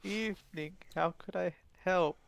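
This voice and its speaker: A man voicing a meek, tired male shop assistant who talks quietly and hesitantly in a tabletop game. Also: on the high side, flat delivery, normal speed, a little hiss or hum. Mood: weary meek.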